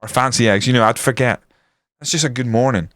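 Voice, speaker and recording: A man commentating his football management game on a live stream, swearing and ranting, then breaking into excited match commentary. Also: medium pitch, brisk, no room sound, clean studio sound.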